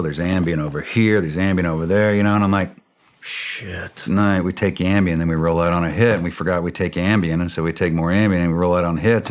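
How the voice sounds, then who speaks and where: A man telling a war story in a blunt way, swearing freely and acting out the shouted radio calls. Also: sits low. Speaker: interview guest.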